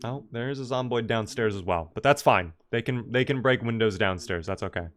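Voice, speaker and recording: A man's voice: mid-range voice, a little fast. A young man casually chatting through a live gameplay stream, reacting to the game and answering his chat.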